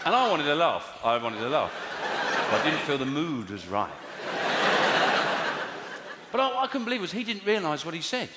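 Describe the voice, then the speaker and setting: A middle-aged man doing a deadpan, sardonic stand-up routine. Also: on the high side, normal speed, pauses often, heavy background noise. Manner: deadpan, dry and sardonic, swearing. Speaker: stand-up comedian. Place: large comedy venue. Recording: echoey hall with loud audience laughter.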